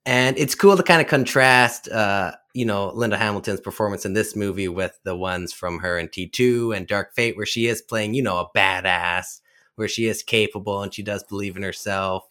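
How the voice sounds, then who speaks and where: A man's voice: fairly low pitch, moderate pace, bright, forceful tone. A man co-hosting a casual film podcast, talking loosely with many fillers. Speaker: podcast co-host.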